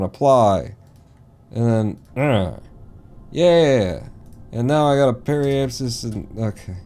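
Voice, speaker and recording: A male streamer commenting on his gameplay live in a loose, rambling way, talking to himself and breaking into loud swearing when the game goes wrong. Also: mid-range voice, lively intonation, slow, long pauses. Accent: East Coast American, put on.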